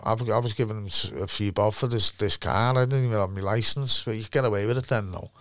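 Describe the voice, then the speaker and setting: A man's voice: fairly low pitch, fast talker, a bit bright, no room sound. A man in his fifties with a Liverpool accent, a former footballer telling rambling, sweary stories in a casual interview. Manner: rambling, swears freely, repeats himself.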